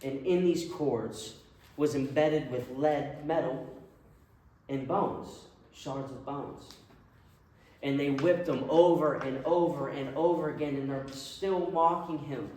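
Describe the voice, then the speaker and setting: A man's voice: mid-range voice, slow pace, warm tone, slight background noise. A man preaching a sermon, retelling a story earnestly and vividly. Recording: very echoey room, mic far off.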